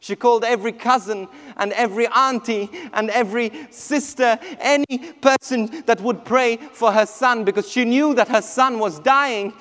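High-voiced priest in a reverberant hall. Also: male voice, moderate pace, hardly any pauses. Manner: emotional storytelling, swinging from hushed to near shouting. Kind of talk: personal testimony talk.

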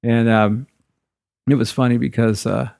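A man's voice: mid-range voice, steady tone, unhurried, gravelly, darkish tone, no room sound, clean studio sound. A man, a guitarist, telling rambling stories from the road in a loose, conversational way. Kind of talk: anecdotal storytelling.

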